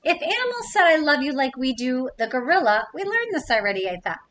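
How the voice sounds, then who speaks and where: A woman reading a picture book aloud to young children, pausing to ask them playful questions. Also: sits high, very animated, background noise. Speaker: children's story reader.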